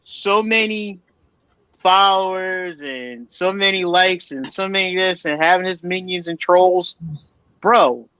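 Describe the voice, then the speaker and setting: A man's voice: high-pitched, slow, sharp tone, clear, resonant tone, dry recording. A man co-hosting a podcast, rambling in casual chat with lots of fillers. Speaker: podcast co-host. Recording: dull, dry sound.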